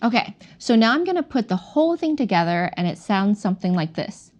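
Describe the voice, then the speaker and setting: A woman teaching a Chinese language lesson on a podcast, slowly modeling tones. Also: dull audio. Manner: slow, careful modeling of tones with lively pitch swings.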